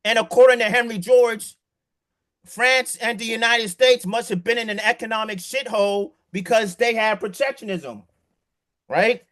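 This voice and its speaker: Emphatic bright-voiced man commenting. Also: extremely high pitch, fairly even intonation, normal speed. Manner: emphatic, stammering restarts, rhetorical questions. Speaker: political commentator. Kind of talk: casual explanatory commentary.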